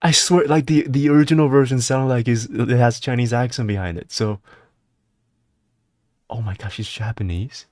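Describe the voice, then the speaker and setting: A male streamer chatting casually on a live stream, rambling and excitable, with frequent restarts. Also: moderate pace, dry recording, clean studio sound. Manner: excitable, rambling, breaks into laughter and high-pitched disbelief.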